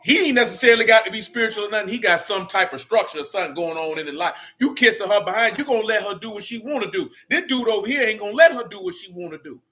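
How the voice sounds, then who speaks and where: A man's voice: sits high, animated, very fast, few pauses, bright, forceful tone. A man leading a casual Bible study, blunt and slangy as he preaches and rants.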